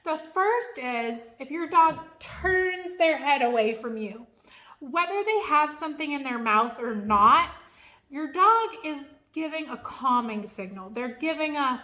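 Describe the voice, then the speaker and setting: Bright high-voiced woman dog trainer. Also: expressive, measured pace. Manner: frank, chatty, emphatic. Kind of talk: instructional video.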